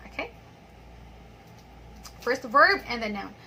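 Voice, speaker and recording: A woman teaching an online English pronunciation lesson, patiently reading example sentences and repeating them slowly. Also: a little high, sing-song, pushed and bright, slight background noise, rough recording.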